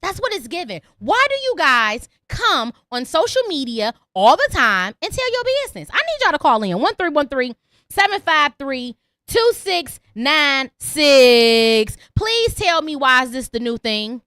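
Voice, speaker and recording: Woman podcast host, very high and bright, swooping pitch; blunt, profane rant. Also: very animated, measured pace, dry recording, studio quality. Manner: repeats lines for emphasis. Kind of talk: opinionated call-in podcast monologue.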